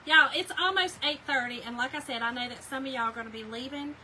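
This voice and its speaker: Speaking quickly in a high, bright, forceful voice, a middle-aged woman hosts a live craft stream from her home craft room. Chatty and direct with viewers, she reads out and answers their comments, and the rough recording carries a little hiss or hum.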